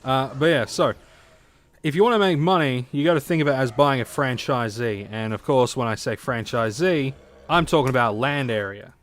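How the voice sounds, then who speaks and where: During a casual livestream, a man plays a game and rambles to his viewers, leaning on fillers and swearing without restraint. His voice is medium-pitched and fairly bright, with a moderate pace. A desk mic in his home streaming rig records him.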